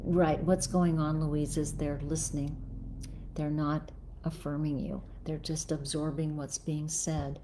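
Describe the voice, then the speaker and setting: Reading comments from viewers, this middle-aged psychologist offers advice in a live-stream format, her manner thoughtful but full of fillers and restarts. Her low-pitched voice has a flat, measured delivery, and there's noise in the background.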